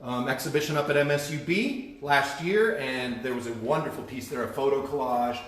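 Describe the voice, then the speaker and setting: A man's voice: medium pitch, a little fast, a bit bright. A man casually giving a live-stream gallery tour, chatty and enthusiastic about the art. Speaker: gallery host. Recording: echoey room with faint noise.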